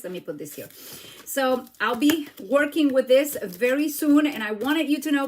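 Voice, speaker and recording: Demonstrating stamping in a casual live craft session, a Spanish-native woman speaks in a fairly high voice, chatty and exclamatory, peppered with "like" and "okay?". A little hiss or hum can be heard.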